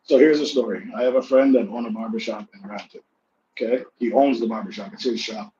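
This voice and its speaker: Easygoing male co-host telling stories, gets loud and animated in reenactments, slightly dull recording with faint hiss. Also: fairly low pitch, brisk. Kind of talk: casual storytelling chat. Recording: slightly dull sound with faint background noise.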